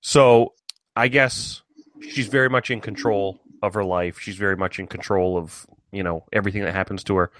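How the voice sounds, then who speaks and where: A man's voice: lowish voice, steady tone, moderate pace, a bit bright, no room sound, clean studio sound. A man co-hosting a casual chat, hesitant and searching for words. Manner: hesitant, lots of ums and uhs. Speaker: podcast co-host. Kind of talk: casual chat about movies.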